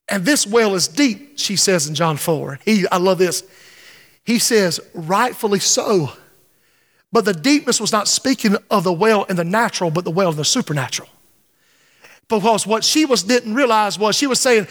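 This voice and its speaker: A man preaches with a very high, ringing voice, his sermon rolling between slow, drawn-out phrases and sudden swells. The sound carries a long reverb from a large church sanctuary. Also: expressive, a bit bright. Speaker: pastor.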